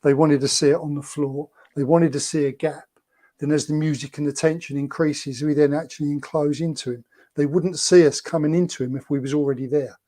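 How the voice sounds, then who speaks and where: A man's voice: a little high, fairly even intonation, a little fast, mellow. A man telling anecdotes as a guest, chatty and rambling with lots of fillers. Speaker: guest, former film extra.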